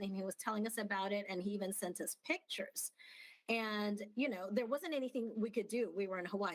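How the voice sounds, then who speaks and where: Woman radio co-host, mid-pitched, dry close studio sound, casual storytelling with acted-out quotes. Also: no echo, poor audio. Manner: storytelling, acts out quoted dialogue. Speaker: radio talk show co-host. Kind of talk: casual chat.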